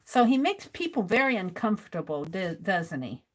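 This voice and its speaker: A woman's voice: medium pitch, sing-song, moderate pace. A woman hosting a livestream, reading viewers' comments aloud and chatting casually while she writes. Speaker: livestream host.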